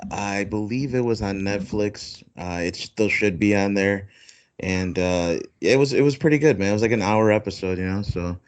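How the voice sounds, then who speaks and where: A man on the low side with a clean tone and moderate pace hosts a casual podcast, meandering through fillers and laughing a lot. It's captured in dull, dry, lo-fi audio.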